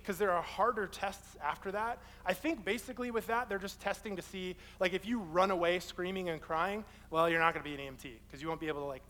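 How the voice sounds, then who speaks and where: A young man preaching a sermon, casual and animated, and telling stories from his own life. His voice sits high for a man. The sound carries the long reverb of a large hall. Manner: casual, animated, acts out quoted people in his story. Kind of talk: sermon with personal storytelling.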